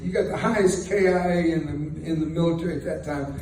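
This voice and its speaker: A man's voice: on the high side, fairly quick, a little mellow. An older man telling a war story to an audience in a folksy, joking way, chuckling as he talks. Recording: very echoey room, distant mic, faint noise.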